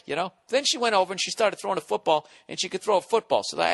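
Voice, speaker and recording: Male comic guest, bright forceful delivery, animated and foul-mouthed storytelling. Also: high-pitched, fast talker, gravelly, hardly any pauses. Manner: animated, profane and blunt. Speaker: comedian guest on a podcast.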